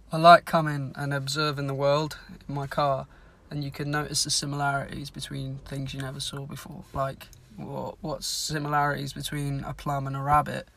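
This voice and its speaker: A social media creator telling dry one-liner jokes in a quiet, deadpan way from inside a car. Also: medium pitch, moderate pace, creaky. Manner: soft-spoken, dry delivery of one-liners.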